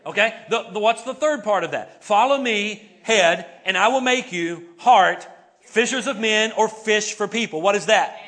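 Man, pastor, high voice, conversational sermon, call-and-response with congregation, church sanctuary. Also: normal speed, fairly bright tone. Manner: call-and-response preaching, asks the congregation to repeat words; conversational, many "right?" and "okay?" tags.

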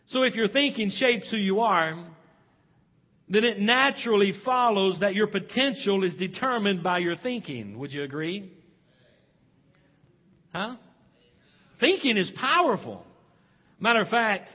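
A man's voice: high-pitched, animated, normal speed, in a large hall, muffled recording. A male pastor preaching a sermon, stressing points and putting questions to his congregation.

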